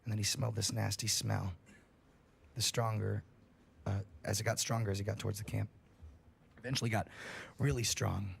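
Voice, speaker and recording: Gravelly man telling a scary story. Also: lowish voice, normal speed, pauses often. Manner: profane, animated storytelling. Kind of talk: reading a scary story aloud on a livestream.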